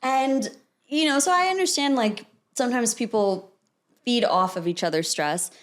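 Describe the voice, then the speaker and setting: Female guest from tech, calm and reflective, easygoing storyteller. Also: on the high side, moderate pace. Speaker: podcast guest, tech professional. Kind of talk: casual chat.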